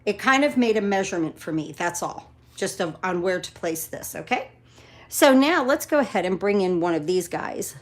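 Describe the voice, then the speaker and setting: A woman demonstrating card-making in a casual craft tutorial, talking in a chatty, encouraging way with many fillers. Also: medium pitch.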